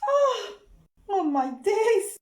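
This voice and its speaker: Nigerian lady doing a dramatic reaction vlog, high swoopy voice, slow and mocking, echoey room. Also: very animated, darkish tone. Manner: theatrical, mocking, wailing and laughing. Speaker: reaction vlogger.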